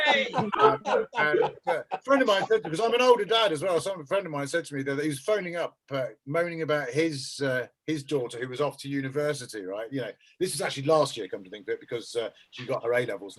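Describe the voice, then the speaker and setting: A fairly high-pitched man in his fifties does a stand-up set from home for an online lockdown gig, swearing, mocking himself and wandering into rambling asides. The recording is rough, with loud audience laughter behind him.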